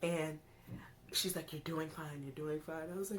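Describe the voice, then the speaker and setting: A young woman recounts a story in a relaxed, casual vlog style. Her voice sits low, and she acts out her own lines with real animation. A faint hum of room noise runs under her voice. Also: moderate pace. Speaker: vlogger telling a story.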